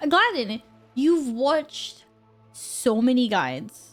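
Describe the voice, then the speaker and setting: A young woman chatting casually on a game stream, joking and rambling with quick self-corrections. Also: on the high side, lively intonation, soft background music. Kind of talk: casual live-stream chat while gaming.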